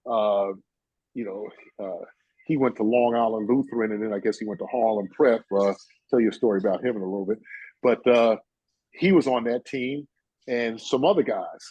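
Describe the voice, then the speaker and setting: A man's voice: fairly low pitch, moderate pace, dark tone, slightly rough, dry recording, highs cut off. A man in his sixties from New York, a guest telling rambling stories full of "you know" and "uh". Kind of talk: casual storytelling chat.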